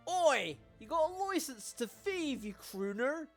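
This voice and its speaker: A brash, jeering rival woman with a rough English accent, as a streamer reading a game puts her on. She sounds butch and gruff and pitches her voice up higher and louder than her usual talk, with faint music underneath. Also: very animated, a little slow, heavily acted. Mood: taunting. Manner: jeering, loud.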